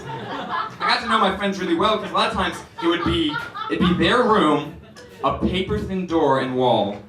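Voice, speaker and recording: A young man doing a stand-up comedy set, telling animated stories with acted-out voices, from a club stage. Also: high-pitched. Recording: roomy club, distant mic, crowd laughter.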